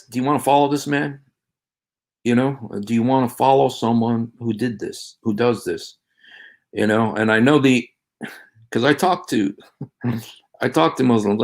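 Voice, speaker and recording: A man hosting a casual livestream, talking in a halting, rambling way with many fillers and restarts. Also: mid-range voice, darkish tone. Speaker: livestream host.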